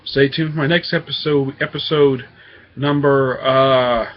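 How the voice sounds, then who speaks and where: A man's voice: medium pitch, steady tone, a little slow, dull audio, a little hiss or hum. A man hosting his own comic book review show, talking casually and hesitantly with lots of fillers. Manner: rambling, hesitant with many fillers.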